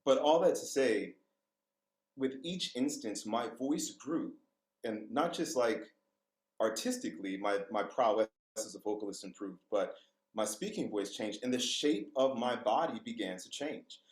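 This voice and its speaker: A man's voice: lowish voice, animated, unhurried, reverberant, poor audio. A man, a vocal coach, telling candid personal stories as a podcast guest, laughing and swearing freely. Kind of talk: casual storytelling interview.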